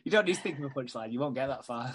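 A man's voice: medium pitch, animated, rapid-fire, a bit bright, husky. A man co-hosting a casual podcast, laughing often as he recaps a TV show. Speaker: podcast co-host. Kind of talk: casual chat.

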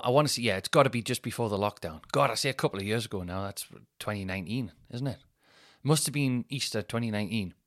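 A man's voice: on the low side, fairly bright tone, dry recording, clean studio sound. A man, hosting a solo podcast and telling rambling, chatty stories that he laughs at himself. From Northeast England. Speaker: podcast host. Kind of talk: solo casual storytelling.

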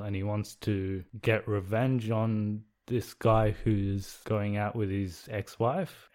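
Easygoing man, lowish voice. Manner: relaxed, hesitant, lots of fillers. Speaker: podcast co-host. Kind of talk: casual film chat.

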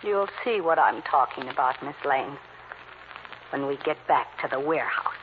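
A woman's voice: very deep voice, lively intonation, moderate pace. An actress playing a stammering young woman who is secretly a murderer, in a 1940s radio drama. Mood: menacing. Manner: stammering, then cold and menacing. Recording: muffled old radio recording, hiss.

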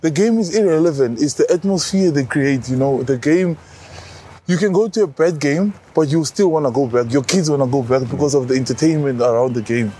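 A South African man in his thirties, a rugby captain, telling stories in relaxed casual chat as an interview guest. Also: on the high side, fairly quick, slightly rough. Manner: relaxed storytelling, says bro a lot, many restarts.

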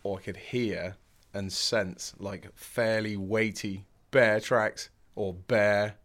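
A man's voice: fairly low pitch, steady tone, slow pace, a bit bright. Laid-back young English man telling a story. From England. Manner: laid-back, laughs often, many fillers. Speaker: guest. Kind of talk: casual storytelling.

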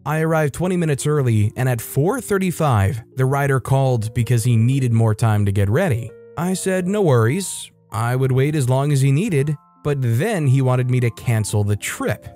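Guy narrating reddit-type stories, wry and playful, regular mid voice, quiet music under it. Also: medium pitch, animated, normal speed, hardly any pauses. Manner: wry, playful delivery with mock voices for quotes. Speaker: story narrator. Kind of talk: scripted storytelling narration.

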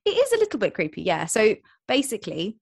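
A young woman co-hosting a podcast in casual chat, retelling plots with quick quoted voices. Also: medium pitch, huge pitch swings, gravelly, no echo. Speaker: podcast co-host.

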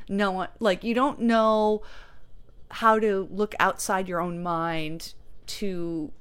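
Smooth-voiced woman rambling as a guest. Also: medium pitch, slow. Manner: rambling, digressive, animated. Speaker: guest, creator of a stage show. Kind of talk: casual interview chat.

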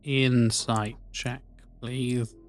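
A man's voice: medium pitch, flat delivery, very slow, faint music behind. Blunt, joking male player. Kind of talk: casual game chat.

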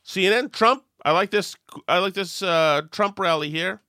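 A man hosting a political talk show, sarcastic and mocking, with quick asides and laughs. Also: high voice, sharp tone, dry recording, studio quality. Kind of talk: casual commentary.

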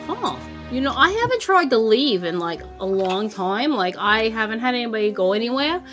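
Chatty bright-voiced woman running the game. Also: on the high side, big pitch swings, moderate pace, faint music behind. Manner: chatty, folksy small-town diner talk. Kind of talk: in-character tabletop role-play.

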